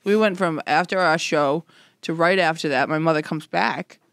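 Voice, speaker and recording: A woman's voice: deep voice, normal speed, vocal fry, dry recording, clean studio sound. A young woman, co-hosting a podcast and telling stories in casual chat, laughing often and cursing freely. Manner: chatty storyteller, laughs often, curses. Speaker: podcast co-host.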